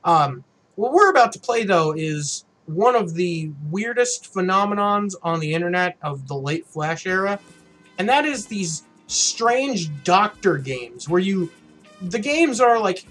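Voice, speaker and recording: A man with a slightly higher voice, casually talking through a game he is playing. He is blunt and mocking and swears often as he commentates. Faint game music sits behind him. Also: lively intonation, a little slow, fairly bright tone. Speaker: gaming channel host.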